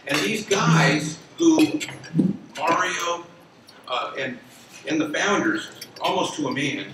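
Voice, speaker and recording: A man's voice: a little high, slow, heavy background noise. Older guy in his 60s rambling thru a story at a dinner, far off in an echoey hall, dishes clinking. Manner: rambling, conversational, many fillers and restarts. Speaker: lawyer telling a story at an association event. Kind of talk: spoken reminiscence to an audience. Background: clinking cutlery and dishes.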